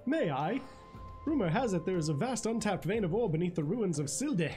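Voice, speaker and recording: A man's voice: high-pitched, lively intonation, brisk, mellow, soft background music. A man reading aloud the lines of a genteel, well-spoken male informant in a game, in a florid, formal way. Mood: courtly.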